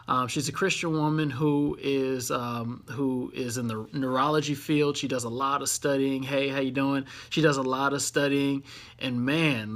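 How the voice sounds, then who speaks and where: A man's voice: medium pitch, sharp tone. A man hosting a casual livestream from his office, greeting viewers by name and place and speaking in an upbeat, encouraging way.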